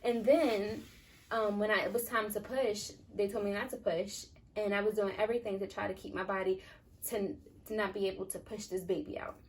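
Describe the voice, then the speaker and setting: A woman's voice: mid-range voice, steady tone, fairly quick, darkish tone. A young woman telling a personal story in a casual, rambling way, full of fillers. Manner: chatty, rambling with many "like" and "um" fillers. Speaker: vlogger. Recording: voice a bit distant from the mic.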